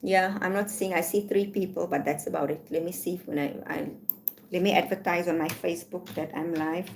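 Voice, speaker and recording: A woman talks casually on a livestream from her home, with a slightly low voice. She sounds blunt and irritated and thinks aloud as she scrolls through messages. A faint room ambience sits behind her. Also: fairly even intonation, brisk, gravelly, a little hiss or hum. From South Africa. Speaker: livestream host.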